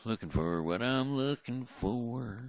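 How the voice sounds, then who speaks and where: A man's voice: mid-range voice, expressive, takes it slowly, no echo, lo-fi sound. A man vlogging alone, muttering to himself and trailing off as he searches for something. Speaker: daily vlogger. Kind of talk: casual self-talk between songs.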